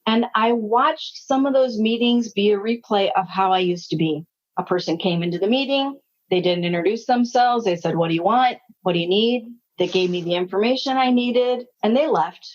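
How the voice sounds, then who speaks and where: A woman's voice: mid-range voice, normal speed. Woman telling workplace stories. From United States. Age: 60s. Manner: anecdotal, animated, acts out quoted dialogue. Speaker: leadership consultant guest. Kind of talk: storytelling interview talk. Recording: slightly muffled audio.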